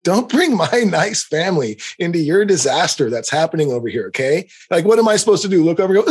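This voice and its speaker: A middle-aged man hosting a podcast, ranting in an animated, profane, heated way. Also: sits high, normal speed, breathy edge. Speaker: podcast host. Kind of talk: comedic rant.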